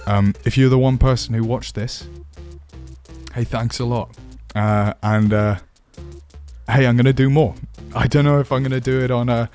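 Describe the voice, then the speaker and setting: A man's voice: medium pitch, steady tone, normal speed, darkish tone, soft background music. A man teaching voice acting for tabletop games, chatty and self-deprecating. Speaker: dungeon master teaching voice acting. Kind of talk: casual tutorial.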